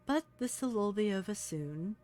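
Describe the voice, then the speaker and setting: A woman voicing Verbena, a sad, tender female ghost, in a put-on British accent, hushed and breathy. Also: medium pitch, expressive, moderate pace, faint music behind, pitched above the performer's own voice, close to an everyday voice. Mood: wistful.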